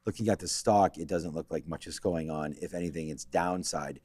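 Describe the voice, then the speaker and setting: A man with a very low, deep voice talks through stock charts on a live market show, thinking aloud as he goes. The sound is dry and close, with no room echo. His delivery rambles and circles back on itself. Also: a little fast, a little mellow, husky. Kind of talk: live trading commentary.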